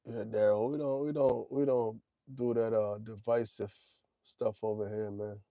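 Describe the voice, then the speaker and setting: A man's voice: on the low side, fairly even intonation, measured pace, mellow, no echo. Laid-back forty-year-old man chatting to viewers. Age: 40s. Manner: laid-back, talks straight to chat, drawls "man" and "y'all". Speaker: trucking livestream host. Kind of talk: casual livestream chat.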